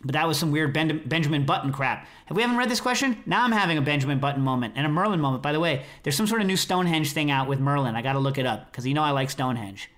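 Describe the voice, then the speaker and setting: A man's voice: on the high side, racing, few pauses, a bit bright. A middle-aged American man hosting a podcast, chatting casually in a rambling, self-interrupting way. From United States. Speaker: podcast host.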